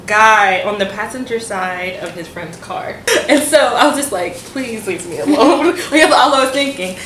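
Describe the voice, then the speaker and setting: A woman's voice: mid-range voice, moderate pace, echoey room, a little hiss or hum. A young woman casually telling a college storytime, laughing and mimicking the people she quotes. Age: young adult. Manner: laughing animated retelling with quoted voices. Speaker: storytime vlogger.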